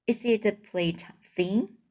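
An innocent young pig, earnest and full of wonder, as a woman reads him. He asks his questions slowly, in a middle-pitched voice. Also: warm tone.

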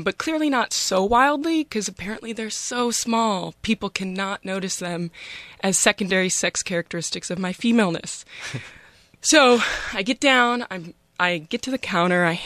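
A young woman telling a personal story in a wry, conversational, self-mocking way, pausing often on "um". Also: mid-range voice, fairly bright tone, dry recording.

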